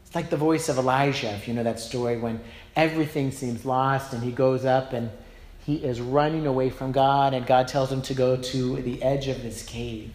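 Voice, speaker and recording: In a church with roomy echo and faint background noise, a male pastor preaches a sermon, telling stories in a personal, self-deprecating, conversational way. His voice is medium-pitched with a darkish tone.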